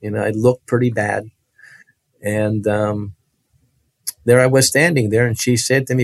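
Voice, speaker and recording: A man's voice: lowish voice, fairly even intonation, unhurried, creaky, pauses often, dry recording. A man telling his personal faith testimony in conversation, earnest and vivid, with frequent restarts.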